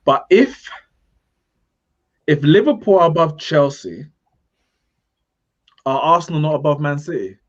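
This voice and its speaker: A man's voice: on the high side, expressive, a little slow, long pauses, highs cut off. A man on a football debate panel arguing his point and reeling off trophy counts. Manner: argumentative, lists stats.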